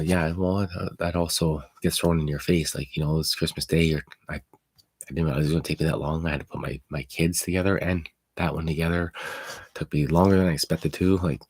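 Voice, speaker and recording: A man's voice: extremely low pitch, slightly rough, dry recording. A man hosting a live chat, talking bluntly and profanely to hurt viewers, rambling with many restarts like a confiding friend. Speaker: livestream host.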